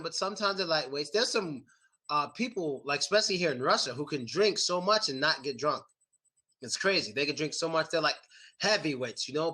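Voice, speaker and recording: Field: voice. Type: bright, animated male English teacher. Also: on the high side. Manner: animated, profane, repeats key words. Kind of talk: casual vocabulary lesson told through a story.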